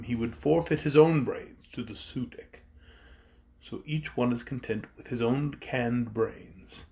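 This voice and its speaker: A proud mountain ruler and sorcerer voiced by a man who brags about his own cleverness and grumbles about his enemies. His voice is gravelly, at a middle pitch. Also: lightly acted. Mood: boastful. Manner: self-satisfied, grumbling storytelling. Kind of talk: audiobook character voice.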